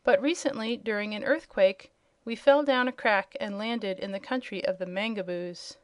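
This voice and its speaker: A woman's voice: mid-range voice, moderate pace, no echo, natural voice. Woman reading as an old male wizard, polite, careful, storybook, dry close sound.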